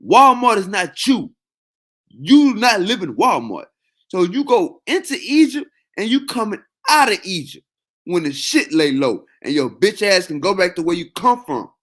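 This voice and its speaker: A man talking casually, animated and repetitive, with heavy slang and profanity. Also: high voice, a little slow. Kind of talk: casual freestyle talk.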